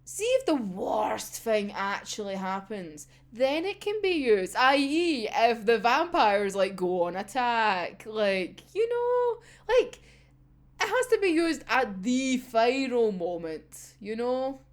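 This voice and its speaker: A woman talking through an episode in a casual chat. Her voice sits a little high and swings widely in pitch. She laughs often and swears freely. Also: sing-song, slow pace. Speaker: anime reaction host.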